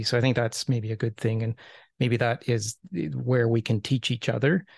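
Gravelly, flat-voiced man leading a discussion. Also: medium pitch, no room sound, studio quality. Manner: thoughtful, measured, with repeated restarts. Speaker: discussion leader. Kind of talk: casual seminar discussion.

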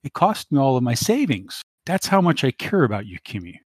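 A man's voice: medium pitch, big pitch swings, brisk, slightly rough, no echo, clean studio sound, pitched above the performer's own voice. A man voicing a whiny, self-pitying male corporate supervisor who pleads and whines. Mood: whining. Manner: whining, pleading.

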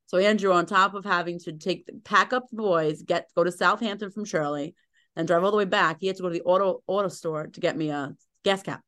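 A woman's voice: fairly low pitch, fairly quick. Chatty, self-deprecating woman telling stories. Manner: animated storyteller, self-deprecating, frequent fillers. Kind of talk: casual chat.

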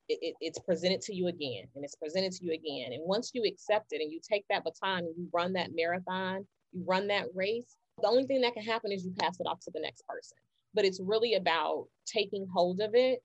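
A woman's voice: on the low side, no room sound, highs cut off. A woman hosting a conversation about healing, earnest and encouraging, often repeating phrases for emphasis. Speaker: podcast host.

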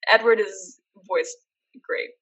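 A woman's voice: mid-range voice, fairly even intonation, takes it slowly, fairly bright tone, slightly rough, lo-fi sound. A young woman chatting casually as co-host, emphatic and enthusiastic. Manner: enthusiastic, emphatic fan talk. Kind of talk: casual chat.

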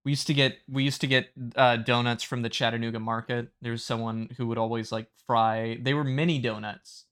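A man's voice: medium pitch, steady tone, brisk, fairly bright tone, smooth. A man co-hosting a podcast in casual chat, easygoing and laid-back. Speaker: podcast co-host.

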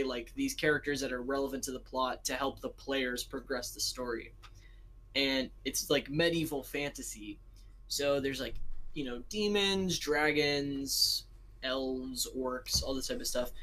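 A man's voice: medium pitch, bright, forceful tone, poor audio. A young American man co-hosting a casual podcast, rambling and self-deprecating as he chats and laughs often. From United States. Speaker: podcast co-host. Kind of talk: casual chat.

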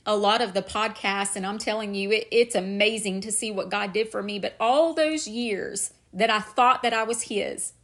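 A woman's voice: medium pitch, moderate pace, few pauses, fairly bright tone. A middle-aged woman with a drawl tells her own faith testimony for a podcast. She speaks earnestly and drives her points home with repetition. Her voice sits in an ordinary middle register. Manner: earnest, emphatic, repeats "I'm telling you". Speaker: podcast host.

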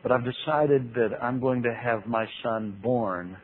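Man doing God in a sermon joke: mild, soft, calm, over a tinny radio line. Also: mid-range voice, measured pace, close to an everyday voice. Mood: politely declining. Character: God, calm male deity declining advice. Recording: tinny radio broadcast with faint hiss.

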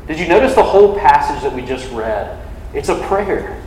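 Young male preacher, casual sermon voice, slightly high, filler-heavy, echoing hall. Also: animated, normal speed, a little mellow, slight background noise. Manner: conversational, frequent "like" fillers. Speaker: campus ministry preacher. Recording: echoey hall from a distance.

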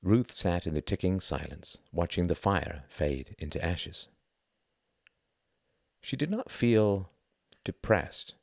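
A man reading a novel aloud as narrator, in a measured storytelling manner. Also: low-pitched, creaky, darkish tone, no room sound, clean studio sound. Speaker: audiobook reader.

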